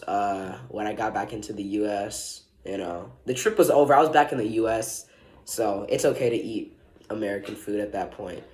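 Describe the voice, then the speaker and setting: A young man talks through his travels in a loose, easygoing ramble, filling pauses with ums and uhs. His voice sits fairly low. The room around him has a noticeable echo. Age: young adult. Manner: relaxed, rambling with many fillers. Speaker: vlogger. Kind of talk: casual travel recap.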